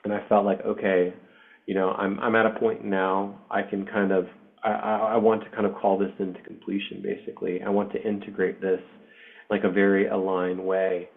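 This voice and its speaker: A man's voice: sits low, flat delivery, normal speed, gravelly. A man in his forties hosting an online spiritual group, telling a personal story in a candid, emotional way with casual swearing and fillers. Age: 40s. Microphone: online video session. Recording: tinny phone-like call audio.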